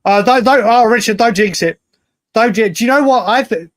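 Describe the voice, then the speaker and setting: A man's voice: high-pitched, normal speed, dry recording. A man with an English accent co-hosting a casual football chat, emphatic and given to repeating himself. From England. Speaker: podcast co-host.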